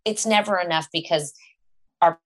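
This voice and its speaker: A woman's voice: fairly low pitch, moderate pace. A woman guest on a podcast, talking earnestly and restarting her phrases as she goes. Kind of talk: casual podcast conversation.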